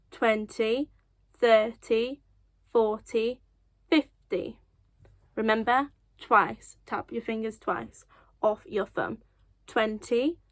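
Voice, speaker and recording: A young woman teaching children sign language, counting slowly and encouraging them with light self-deprecating laughs. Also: fairly high pitch, a bit bright, no room sound. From United Kingdom. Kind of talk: children's lesson, slow counting.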